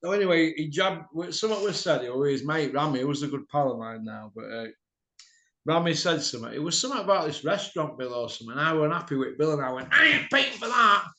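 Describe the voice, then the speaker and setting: A middle-aged man telling a rowdy story in casual chat, mouthy and quick to laugh. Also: a little high, animated, a bit bright. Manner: mouthy, laughs a lot, slips into quoted voices. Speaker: podcast host. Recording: echoey room.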